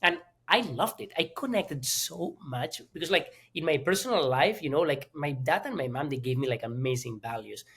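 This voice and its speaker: A man from Spain, a guest telling his story in an interview with animated restarts and fillers. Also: on the high side, normal speed, few pauses, breathy edge. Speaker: entrepreneur guest.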